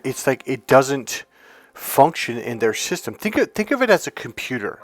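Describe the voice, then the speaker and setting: A man's voice: medium pitch, very animated, moderate pace, no echo. Emphatic, profane male dating coach. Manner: emphatic, profane, with lots of restarts and acted-out quotes. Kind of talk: sales pitch for a course.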